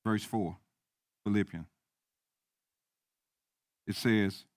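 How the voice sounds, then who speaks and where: A man preaching a sermon as pastor, repeating key lines and swinging from quiet talk to loud emphasis. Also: on the low side, normal speed, long pauses, no echo, studio quality.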